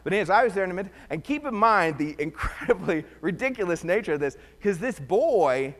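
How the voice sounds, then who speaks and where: A fairly high-voiced man delivers a conversational sermon, swinging his voice up and down as he tells joking stories. The long reverb of a church hall trails behind every word. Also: a little fast. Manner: animated, joking storyteller. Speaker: preacher.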